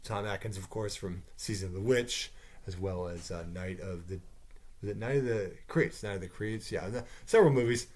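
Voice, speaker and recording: A man talking off the cuff to camera, pitching a movie idea in a rambling way with asides and mild swearing. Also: moderate pace, a little mellow. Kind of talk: casual off-the-cuff monologue.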